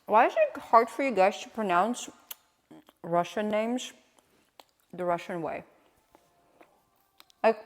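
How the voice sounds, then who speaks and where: Woman streamer, casual rambling chat, mid pitch, long reverb on the voice. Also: expressive, normal speed, long pauses. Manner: chatty, rambling, questioning.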